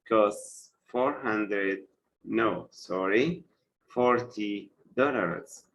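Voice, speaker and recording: Slow, deliberate male teacher. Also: lowish voice, a bit bright, rough recording. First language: Arabic. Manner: repeats words slowly for students, switches between English and Arabic. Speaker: English teacher. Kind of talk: live online English lesson.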